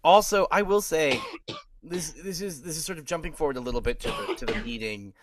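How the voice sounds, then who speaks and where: A man co-hosting a podcast in a casual chat reviewing a TV episode, animated and halting, swearing and laughing often. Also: on the high side, noisy background. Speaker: podcast co-host.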